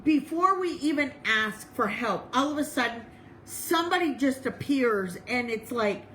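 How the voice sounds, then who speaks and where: A woman's voice: high voice, a little hiss or hum, poor audio. Bubbly, laughing woman chaplain. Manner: bubbly, laughs often, animated impressions; slow, measured recitation of prayers and scripture. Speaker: chaplain and reverend leading a service. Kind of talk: casual, storytelling sermon.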